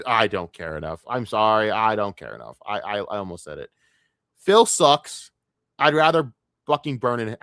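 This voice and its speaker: A man's voice: medium pitch, a bit bright, no room sound, clean studio sound. A man streaming alone, rambling in casual talk with a lot of swearing, trailing off and laughing to himself. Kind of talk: casual solo livestream rant.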